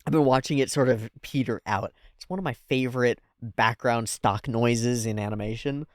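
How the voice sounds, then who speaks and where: A man hosting a casual anime reaction, thinking aloud with fillers, laughing often and breaking into loud, high-pitched exclamations. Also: normal speed, no room sound, clean studio sound.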